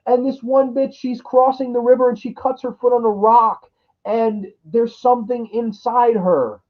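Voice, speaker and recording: A man with an extremely high pitch and fairly even intonation speaks at a moderate pace, ranting profanely about a horror movie. Mocking the characters in put-on voices, he sounds exasperated, captured in dull lo-fi audio.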